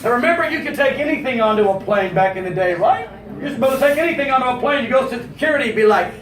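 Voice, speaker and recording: A man performing a stand-up comedy routine on stage, animated and slipping into exaggerated character voices. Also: extremely high pitch, racing, hardly any pauses. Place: comedy stage before a live audience. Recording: roomy venue sound from a distance.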